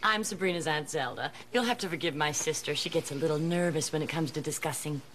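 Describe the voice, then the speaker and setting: A level-headed, patient aunt. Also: female voice, deep voice, fast talker, a bit bright. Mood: calm. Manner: composed, sensible, patient. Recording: studio audience laughter and noise.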